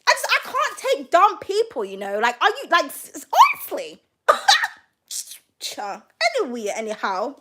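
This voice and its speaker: Woman, British accent, tarot reader, high voice, brash, profane, casual. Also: wildly swooping pitch, heavy background noise. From United Kingdom. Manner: brash, profane, quick to laugh. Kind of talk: casual tarot reading vlog.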